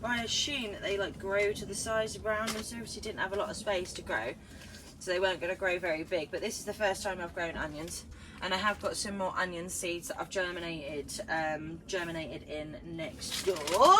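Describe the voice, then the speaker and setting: A woman's voice: on the low side, fairly even intonation, fairly quick, noisy background. A woman chatting casually while gardening and squealing with delight at each find, filmed on a GoPro outdoors. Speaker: gardening vlogger. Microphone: GoPro camera.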